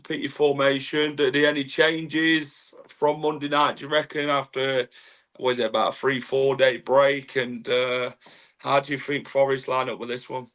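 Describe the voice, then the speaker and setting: A man hosting a relaxed football podcast, speaking in a mid-range voice. He is laid-back and low-key, and he nudges the chat along with short replies and questions. Nothing about his delivery is showy. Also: normal speed. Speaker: host.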